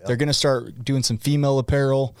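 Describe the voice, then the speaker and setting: A man's voice: mid-range voice, level tone, a little fast, a little mellow, smooth, dry recording, studio quality. A man from Utah co-hosting a podcast, casual and self-deprecating, doing a loose ad read and joking with friends. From Utah, USA. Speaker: podcast co-host.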